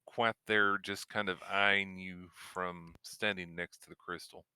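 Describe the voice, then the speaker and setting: A man running a tabletop game as game master, narrating scenes in a slow, measured way. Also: deep voice, steady tone, sharp tone, clean tone, no echo, clean studio sound.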